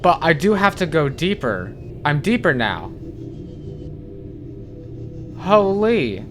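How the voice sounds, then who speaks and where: Jumpy man narrating a game, fairly high voice. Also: very animated, takes it slowly, fairly bright tone, soft background music. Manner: jumpy, swears, repeats panicked phrases over and over. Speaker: gaming channel host. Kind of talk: blind playthrough commentary.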